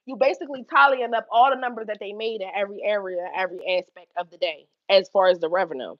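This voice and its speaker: A woman's voice: medium pitch, fast, no echo, lo-fi sound. A woman casually explaining night hotel work, swearing freely and often checking that the listener follows. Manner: profane, conversational, checks in with listener. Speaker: vlogger explaining her hotel job.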